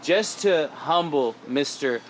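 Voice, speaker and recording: A man's voice: fairly high pitch, expressive, slow pace, a crowd in the background. A man from Oregon, a rapper, chatting casually and animatedly with slang and frequent laughs in a lounge bar. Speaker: rapper guest. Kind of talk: casual chat.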